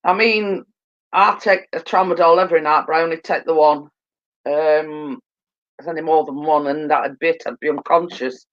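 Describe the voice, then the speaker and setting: A woman's voice: deep voice, fairly even intonation, moderate pace, lo-fi sound. A woman hosting a casual livestream, tired and coming down with a cold, rambling with lots of fillers and repeated phrases. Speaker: livestream host. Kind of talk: casual chat. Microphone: phone.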